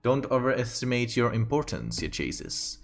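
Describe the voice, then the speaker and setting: A man's voice: mid-range voice, big pitch swings, moderate pace, creaky, voice pushed up. A man voicing a silky, scheming queen. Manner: silky, haughty, mock-polite. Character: scheming regal queen mother, woman.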